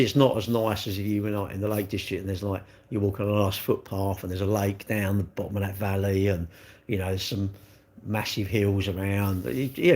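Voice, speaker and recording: Middle-aged bloke on a live stream, chatty, keeps firing off rhetorical questions. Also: male voice, fairly low pitch, a little mellow. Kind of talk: casual live-stream chat.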